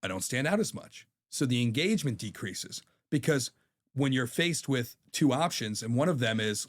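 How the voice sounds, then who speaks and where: A man's voice: medium pitch, expressive, normal speed. Man, thirties, podcast guest, casual chat, blunt, swears a lot. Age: 30s. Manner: candid, profane, storytelling.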